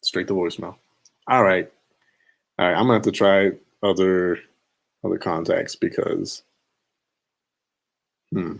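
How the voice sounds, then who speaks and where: A man's voice: low-pitched, fairly even intonation, a little slow, creaky, long pauses. A young man streaming late at night, chatting in a laid-back, slangy, rambling way and chuckling to himself. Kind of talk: casual late-night live stream chat.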